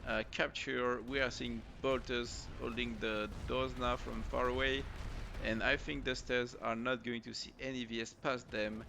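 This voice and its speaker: French guy casting a game live, sleepy and rambling, gravelly voice, headset mic. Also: mid-range voice, flat delivery, normal speed, background noise. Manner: tired, rambling with many fillers. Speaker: esports caster.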